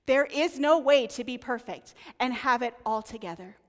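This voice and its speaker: A woman preaching a sermon, earnest and conversational, dropping to soft near-whispers on key lines. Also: high voice, unhurried, few pauses, big-room sound.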